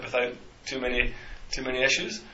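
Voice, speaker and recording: A man's voice: mid-range voice, brisk, pushed and bright. A man co-hosting a casual football podcast, rambling with many restarts and fillers. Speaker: podcast co-host. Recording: roomy, slightly dull, faint hiss.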